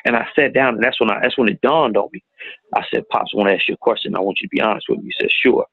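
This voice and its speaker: Gravelly, husky man telling his story. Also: mid-range voice, no room sound. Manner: plain-spoken, halting, retells dialogue. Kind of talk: emotional personal storytelling. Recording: tinny phone-like audio, dry.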